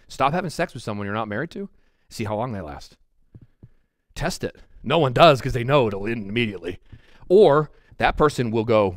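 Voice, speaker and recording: A middle-aged male pastor giving a verse-by-verse sermon in a chatty, animated way, often checking in with "right?". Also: medium pitch, normal speed, no echo, studio quality. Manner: conversational, animated preaching with frequent "right?" asides. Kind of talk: expository sermon. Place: church sanctuary.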